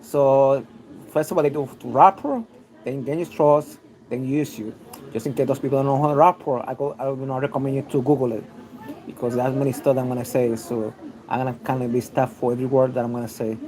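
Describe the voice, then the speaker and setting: A man's voice: medium pitch, fairly even intonation, fairly quick, warm tone, slight background noise, poor audio. A man with a mixed New York City accent giving a rambling, opinionated talk on a livestream, full of restarts and fillers. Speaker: online video host.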